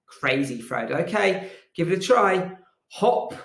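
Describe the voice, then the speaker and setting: A man teaching a phonics lesson to young children, telling a gentle, animated story. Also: sits high, slow, gravelly, a little hiss or hum. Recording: echoey room.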